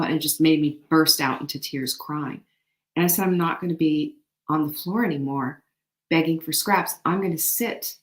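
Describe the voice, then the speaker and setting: Woman host, low-ish voice, fervent pep talk, roomy echo. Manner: animated, emphatic, faith-inspired encouragement. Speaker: show host. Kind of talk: motivational talk. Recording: echoey room.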